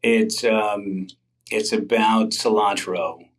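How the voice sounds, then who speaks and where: A man's voice: on the low side, steady tone, slow pace, rough recording. A middle-aged male comedian, a guest in a candid interview, telling stories in a rambling way with lots of fillers and restarts.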